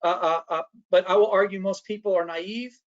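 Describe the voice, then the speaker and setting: A man giving a workshop talk full of personal anecdotes. He fills pauses with "uh, uh" and checks in with "right?". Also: high-pitched, steady tone, muffled recording. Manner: storytelling, frequent "uh, uh" and tag questions "right?". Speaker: workshop speaker. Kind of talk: anecdotal presentation to an audience.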